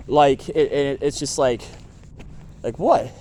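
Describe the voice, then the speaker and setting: Halting, upset man outdoors. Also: medium pitch, dark tone, slight background noise. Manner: halting, repeats himself, grows agitated. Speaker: person seeking shelter. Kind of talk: filmed confrontation and venting. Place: outdoors at a shelter door.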